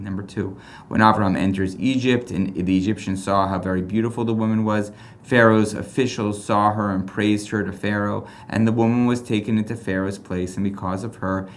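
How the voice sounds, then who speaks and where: A man teaching a recorded lesson, reading scripture passages aloud and thinking aloud with rhetorical questions, restarts and animated outbursts. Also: low-pitched, a little hiss or hum.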